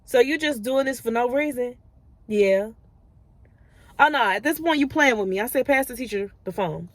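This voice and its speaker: A woman, a mother telling a story casually to her phone camera, animated and exasperated. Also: fairly high pitch, normal speed, no room sound. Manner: animated, rising to exasperated disbelief. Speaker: vlogger, mother.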